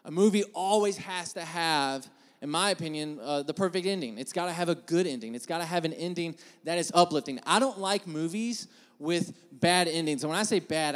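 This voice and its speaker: Brief: male pastor, high voice, casual and joking, tells stories from the pulpit, long church reverb. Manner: casual, joking, animated storytelling. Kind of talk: storytelling sermon. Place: church sanctuary.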